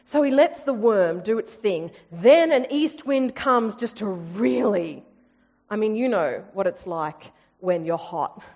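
A woman preaching a sermon, lively and storytelling, with humorous asides. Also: medium pitch, takes it slowly, in a large hall.

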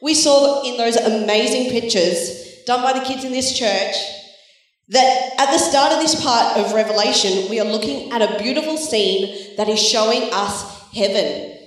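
A woman giving an encouraging, animated Bible talk to children in a church. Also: a little high, normal speed. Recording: very echoey hall, voice from far off.

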